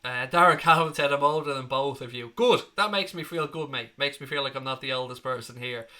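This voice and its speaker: A man's voice: medium pitch, brisk, sharp tone. A man in his thirties with an Irish accent, hosting a live football fan stream in a chatty, blunt way, reading out viewer comments. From Ireland. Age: 30s. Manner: chatty, blunt, swears freely. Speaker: fan channel host.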